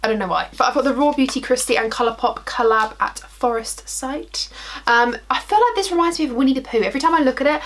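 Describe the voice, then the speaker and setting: Fast and high-voiced, a young makeup vlogger rambles through a tutorial in front of a mirror. She keeps it casual and chatty, teasing herself and drifting into side comments.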